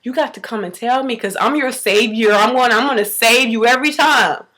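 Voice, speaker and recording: Animated high-voiced mother telling a story. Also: a little fast, poor audio. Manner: animated, slangy, acts out quotes in a high voice. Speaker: mother vlogging about parenting. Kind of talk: emotional storytelling vlog.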